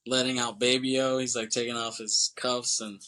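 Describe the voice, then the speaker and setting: Bright-voiced man rambling through a movie recap. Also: mid-range voice, level tone, moderate pace. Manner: rambling, laughs often, acts out quoted lines. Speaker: podcast co-host.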